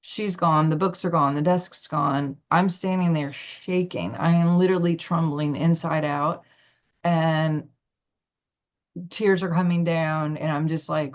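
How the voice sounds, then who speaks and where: A woman's voice: low-pitched, steady tone, a little slow. A woman guest telling a personal spiritual story in a rambling way, full of "like" and restarts. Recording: muffled lo-fi recording.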